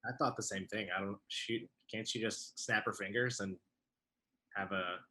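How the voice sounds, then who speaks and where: A man's voice: on the low side, fairly even intonation, normal speed, sharp tone, a little hiss or hum. A man co-hosting a casual recap chat, speaking hesitantly with restarts. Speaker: podcast co-host.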